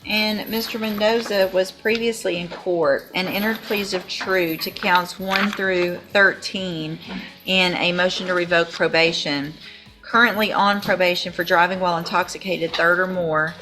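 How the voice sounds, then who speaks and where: A woman judge presiding in a courtroom, asking brisk, matter-of-fact questions. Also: lowish voice, fairly even intonation, music in the background. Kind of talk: courtroom proceedings.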